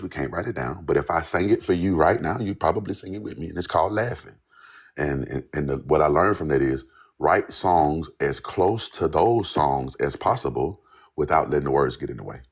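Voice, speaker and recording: Man, extremely low voice, husky, loose rambling storyteller, casual chat. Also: animated, brisk. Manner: loose, rambling, repeats "you know what I'm saying". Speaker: guest songwriter.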